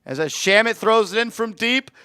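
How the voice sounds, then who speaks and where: A man streaming live fan play-by-play commentary, getting excitable and shouting on big plays while reading the chat aloud. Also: high-pitched, moderate pace, smooth, no echo, clean studio sound.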